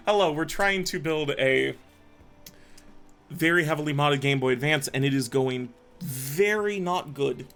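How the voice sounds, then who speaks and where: A man's voice: mid-range voice, measured pace, a bit bright. A young man on a live stream who mutters to himself and swears often. He is stressed and frustrated while he builds something by hand. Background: faint background music.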